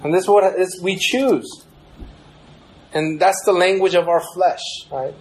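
A man's voice: sits high, unhurried, slight background noise, low-quality recording. A young man preaching a sermon in a casual, conversational way, acting out prayers with a raised voice. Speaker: pastor.

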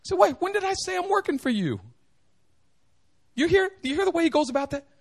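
Animated, joking male preacher with a high voice. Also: a little fast, creaky. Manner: animated and joking, acting out quotes. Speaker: pastor. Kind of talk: sermon.

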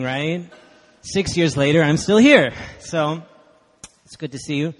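A man's voice: a little high, expressive, takes it slowly, pauses often. A man from Texas, preaching a sermon as guest speaker, chatty and emphatic with the congregation. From Dallas, Texas. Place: church hall. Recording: long hall reverb.

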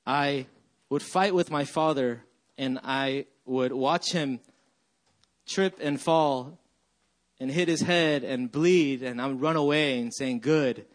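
A man preaching a sermon, telling his own story and slowing down to stress key words. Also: mid-range voice. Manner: personal testimony, slow emphatic repetitions. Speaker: pastor.

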